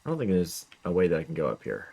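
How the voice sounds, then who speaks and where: A man's voice: low-pitched, wildly swooping pitch, fast, creaky, dark tone, slightly rough. A male gaming streamer chatting casually through a let's play, self-mocking and upbeat.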